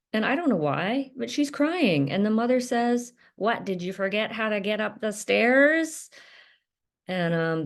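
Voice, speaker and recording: A woman's voice: medium pitch, gravelly, a little mellow. A woman talking earnestly to camera in a self-help video, stressing points by repeating words, with many fillers.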